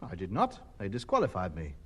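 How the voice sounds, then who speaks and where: A pompous, fussy vegetable grower. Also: male voice, low-pitched, huge pitch swings, a little fast, fairly bright tone, breathy edge, exaggerated voice. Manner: self-important, indignant. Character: pompous fussy middle-aged man, proud amateur vegetable grower. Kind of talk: 1950s radio comedy acting.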